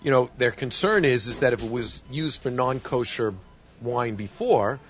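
A man's voice: mid-range voice, animated, moderate pace, highs cut off, slight background noise. A man explaining wines in a casual chat, often restarting his sentences as he talks them through. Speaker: wine expert guest.

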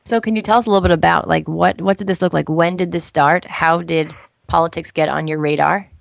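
A woman's voice: lowish voice, fairly even intonation, a little fast, vocal fry, dry recording. A woman hosting an interview show, upbeat and chatty as she introduces guests and asks questions. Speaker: radio show host.

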